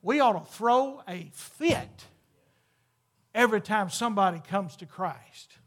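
Man, pastor, sermon, very high-pitched, slow, fervent and emphatic. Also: lively intonation. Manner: fervent, emphatic, builds to exclamations. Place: church sanctuary with congregation.

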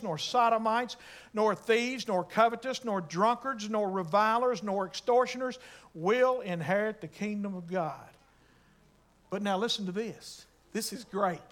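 A male pastor preaching a sermon in a church, building to fervent, drawn-out proclamations and calling out to the congregation. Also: very high voice, fairly bright tone. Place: church sanctuary.

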